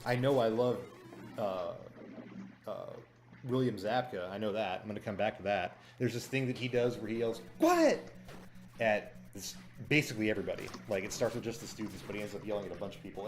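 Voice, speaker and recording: A man with a fairly low voice talking through a show review in a loose, rambling way. He is cynical and chatty, full of "like" and "you know". Faint music plays behind him. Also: a little mellow. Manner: chatty and cynical, mimics lines he quotes. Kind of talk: casual spoken review.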